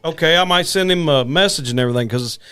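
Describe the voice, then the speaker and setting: A middle-aged former wrestler, reminiscing in easy casual chat and joking along the way. His voice is smooth and clear, on the bright side, sitting somewhat high. Nothing about him is hurried.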